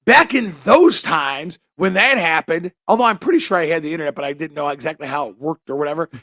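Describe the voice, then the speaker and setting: A man's voice: a little high, lively intonation, fast, bright, forceful tone, no echo, studio quality. A man telling crude, rambling stories on a podcast, often laughing at himself. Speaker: podcast co-host. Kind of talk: casual chat.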